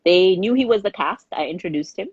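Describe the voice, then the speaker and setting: A middle-aged woman with a low voice talks in a relaxed interview as a filmmaker guest. She tells her story with energy and often restarts mid-sentence. The recording is slightly muffled and dry. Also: a little fast, slightly rough, dry recording. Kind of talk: casual interview conversation.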